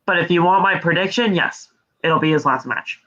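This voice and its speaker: A high, bright-toned man talks through a wrestling show on a podcast, swearing freely and recapping the action move by move. The audio is dull and lo-fi. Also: normal speed. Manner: profane, animated play-by-play recapping. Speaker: podcast co-host. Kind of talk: casual wrestling recap chat.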